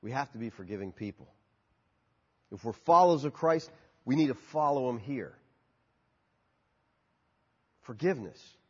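A man's voice: a little fast, breathy edge. A man preaching a sermon as pastor, rising and falling sharply and putting questions to the congregation. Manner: animated preaching with sharp rises and drops in pitch. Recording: muffled hall recording with long reverb.

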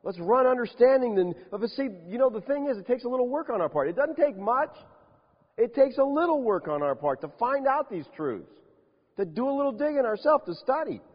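A man preaching a sermon, emphatic and animated, firing off rhetorical questions to his congregation. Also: very high voice, fairly quick, husky. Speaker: pastor. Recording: dull lo-fi sound with long hall reverb.

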